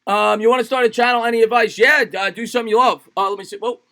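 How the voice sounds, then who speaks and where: A man with a high, bright, forceful voice calls a football game live for his stream. He fires off the action in short bursts, then greets viewers by name and jokes loosely between downs. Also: steady tone. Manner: rapid play-by-play calls, greets chatters by name; jokey and loose, repeats phrases. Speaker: livestream sports host. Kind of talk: live play-by-play commentary and chat reading.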